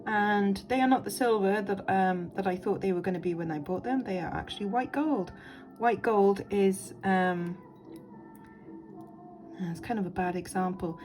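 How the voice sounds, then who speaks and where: A woman's voice: mid-range voice, a little mellow. A woman, chatting enthusiastically as she shows vintage jewellery in a casual vlog, thinking aloud with lots of ums. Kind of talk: casual show-and-tell vlog.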